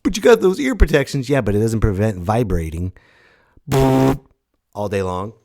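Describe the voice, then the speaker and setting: A loud, talkative man in his thirties hosting a solo podcast. His lowish voice swings widely in pitch as he rambles and jokes, now and then breaking into a shout. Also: a little slow, gravelly. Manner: loud, animated, jokey rambling with sudden shouted bits. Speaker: podcast host. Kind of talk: casual solo podcast monologue.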